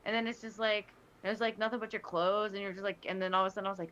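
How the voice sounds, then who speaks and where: A woman's voice: medium pitch, very fast, few pauses, lo-fi sound. A woman in casual podcast talk, telling stories animatedly with lots of restarts and quoted voices. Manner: animated storytelling with many restarts. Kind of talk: casual chat.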